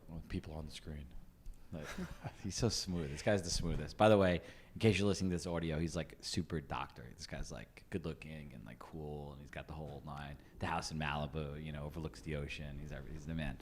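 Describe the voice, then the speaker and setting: A man's voice: rumbling low, fairly even intonation, a little fast, slight background noise. A man co-hosting a casual podcast, telling long rambling stories full of fillers and restarts. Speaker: podcast co-host. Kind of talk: casual chat.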